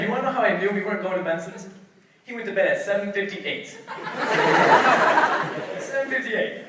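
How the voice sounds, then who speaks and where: A man's voice: high-pitched, expressive, moderate pace, pauses often. A young man doing a stand-up comedy set, telling stories with acted-out quotes. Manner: hyped storytelling, acting out quotes. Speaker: stand-up comic. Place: live comedy venue. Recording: echoey hall from far off, loud noise.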